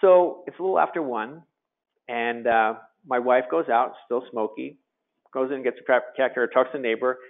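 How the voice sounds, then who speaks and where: A middle-aged man, an emergency physician, telling a personal story to an audience in a halting way with many fillers. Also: medium pitch. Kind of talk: presentation talk. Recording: phone-like narrow sound.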